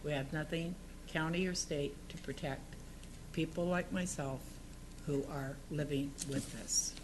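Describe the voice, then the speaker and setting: A woman's voice: low voice, steady tone, unhurried, noisy background. A woman giving public comment at a city council meeting, earnest and partly reading from prepared text.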